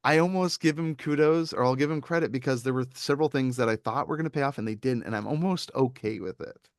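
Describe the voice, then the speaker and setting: A man co-hosting a casual movie review chat, animated and often acting out scenes in quoted voices. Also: mid-range voice, fast, no room sound, clean studio sound. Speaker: podcast co-host.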